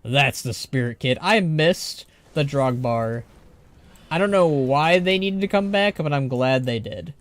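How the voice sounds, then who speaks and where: A man's voice: mid-range voice, lively intonation, a little slow, no room sound. A man streaming a game live, reading the text aloud with chatty, joking commentary.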